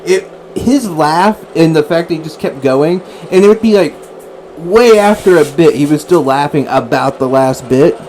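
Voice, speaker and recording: A male radio host in loose, rambling chat, often laughing as he goes. His pitch sits mid-range, and there is clear noise behind him in the studio. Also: moderate pace, a little mellow, low-quality recording.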